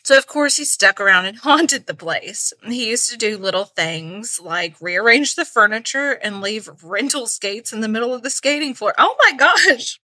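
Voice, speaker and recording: A woman's voice: on the high side, expressive, normal speed, few pauses, pushed and bright, low-quality recording. A woman in her forties co-hosting a podcast, chatting casually and reading listener emails aloud, laughing often. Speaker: podcast co-host.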